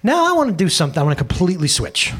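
Husky, animated male pastor preaching. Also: high voice, rapid-fire. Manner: animated, swinging from loud bursts to quiet, acting out quoted voices. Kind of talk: sermon. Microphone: handheld microphone.

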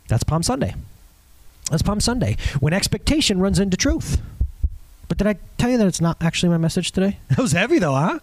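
A man preaching a conversational sermon as pastor, animated and off-the-cuff, with many restarts and asides. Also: sits high, fairly quick, no room sound.

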